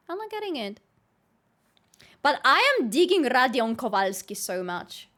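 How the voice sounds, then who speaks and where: High-voiced woman streamer. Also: sing-song, moderate pace, fairly bright tone. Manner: playful, bursts into squealing laughs. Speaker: livestreamer. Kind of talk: casual chat with live viewers.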